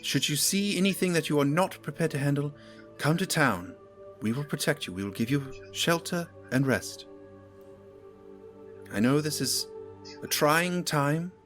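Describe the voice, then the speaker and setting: A man's voice: fairly high pitch, pitched above the performer's own voice. A man voicing a commanding female town leader in a tabletop game, giving a stately, solemn rallying speech.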